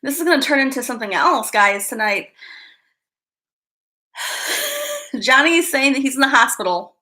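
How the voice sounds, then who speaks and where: A woman's voice: high voice, sing-song, moderate pace, sharp tone. A woman hosting a casual live stream, chatting with her viewers, giggly and easily distracted. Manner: giggly, easily distracted, greets chat by name.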